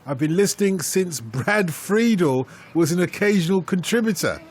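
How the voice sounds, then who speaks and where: A man's voice: sits high, lively intonation, normal speed, husky. A man hosting a radio football phone-in, reading out listener emails and coaxing his pundits with teasing banter.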